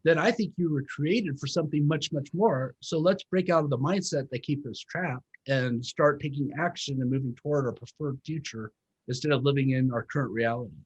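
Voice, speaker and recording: This interview guest, a man in his fifties who left the pastorate to run a real estate business, speaks in a husky, mid-range voice. He tells his story earnestly and reflectively, pausing slowly to stress what matters, though the recording sounds muffled.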